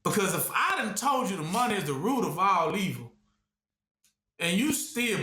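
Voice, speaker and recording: A man preaches in a loose, repetitive way, leaving questions hanging for his listeners to complete. His voice sits high and sounds bright and sharp. The recording carries a roomy echo. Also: very animated, normal speed. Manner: asks rhetorical questions for the listeners to finish. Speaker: Bible teacher. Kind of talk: call-and-response Bible teaching.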